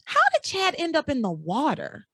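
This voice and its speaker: A woman's voice: sits high, very animated, moderate pace, pushed and bright, no echo. A woman hosting a casual podcast, recapping a soap opera with incredulous, exaggerated outrage. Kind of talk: casual chat.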